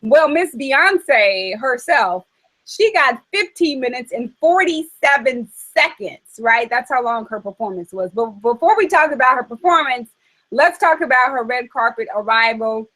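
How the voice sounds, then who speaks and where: A woman hosting a casual chat, talking in a chatty, animated way with frequent fillers. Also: a little high, a little slow, low-quality recording. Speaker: host.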